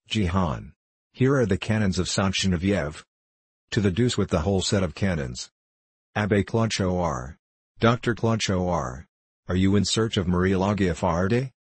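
A man reading a classic novel aloud as audiobook narration, in a steady even manner. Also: low voice, slightly rough, dry recording. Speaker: audiobook reader. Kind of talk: scripted narration.

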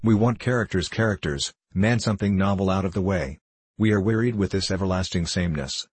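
A man's voice: low-pitched, a little fast, husky, dry recording. A man reading the part of a cruel, mocking fat king in an audiobook, with a blustering, commanding manner.

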